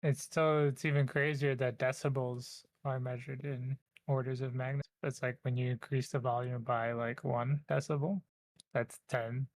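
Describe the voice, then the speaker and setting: A man's voice: mid-range voice, level tone, normal speed, no echo, rough recording. Man chiming in, dry close sound. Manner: offhand, chiming in. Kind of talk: casual chat.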